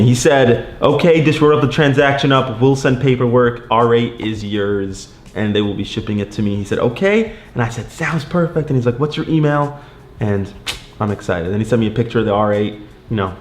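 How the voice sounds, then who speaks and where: A young man venting to his viewers in a casual vlog, rambling with lots of fillers. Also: medium pitch. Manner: rambling, lots of likes and you knows; frustrated then upbeat. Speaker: vlogger. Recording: echoey room.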